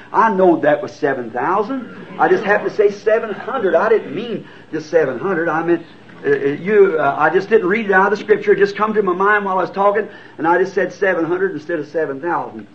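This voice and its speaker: A man's voice: sits high, fairly quick. A man in his fifties with a Southern US accent, preaching a sermon and answering written questions in an earnest, folksy, self-deprecating way. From United States. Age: 50s. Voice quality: old, lo-fi tape recording. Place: church sanctuary. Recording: dull lo-fi tape recording. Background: congregation answering amen.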